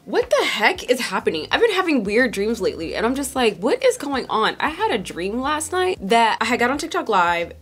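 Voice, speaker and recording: A young woman chatting casually while doing her makeup, talkative and animated, with lots of "like" fillers. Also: medium pitch. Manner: chatty, animated, heavy use of "like". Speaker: beauty vlogger. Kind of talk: casual get-ready-with-me chat.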